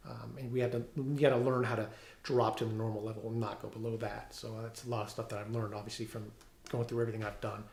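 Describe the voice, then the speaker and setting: A middle-aged police officer giving a personal testimony at home, talking haltingly with many fillers and restarts. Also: male voice, on the low side, flat delivery, vocal fry, darkish tone, echoey room. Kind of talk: personal testimony, reading from notes. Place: room at home.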